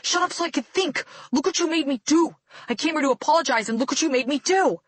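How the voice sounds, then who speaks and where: A woman's voice: on the low side, brisk, breathy edge, no echo. Woman doing a drugged, snarling young man. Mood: raging. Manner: hissing, snarling threats.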